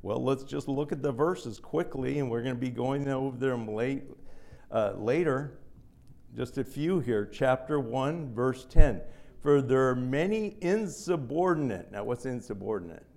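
A man's voice: medium pitch, a little slow, vocal fry, darkish tone. A man preaching a sermon in a teaching manner, often putting a question to the listeners and answering it himself.

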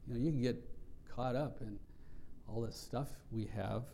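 A man preaching a sermon in a gravelly, mellow voice. He teaches in an earnest, reflective way, pausing and restarting as he works through scripture. His pitch sits in an ordinary middle range. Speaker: pastor.

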